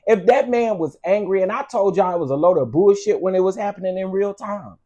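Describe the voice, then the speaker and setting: A man hosting a video vlog rants straight to his viewers in a casual commentary style that is sassy, blunt, and profane. His voice sits high with a darkish tone, and he talks a little fast.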